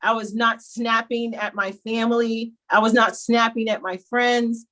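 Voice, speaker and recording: A woman guest telling her own story in a candid, animated, conversational way. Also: on the high side, measured pace. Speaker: program client and guest.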